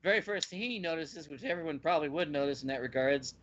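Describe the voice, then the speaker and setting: A man co-hosting a casual podcast chat, retelling scenes with lively acted-out bits. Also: fairly high pitch, fast talker, highs cut off. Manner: animated storyteller acting out scenes. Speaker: podcast co-host.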